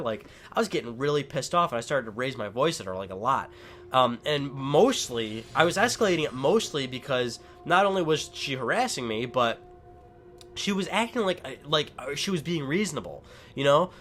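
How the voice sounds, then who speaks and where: A man's voice: medium pitch, brisk, fairly bright tone, a little hiss or hum. A man doing casual gameplay commentary at home, rambling with many fillers and swearing freely as he tells a story. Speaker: gaming commentator.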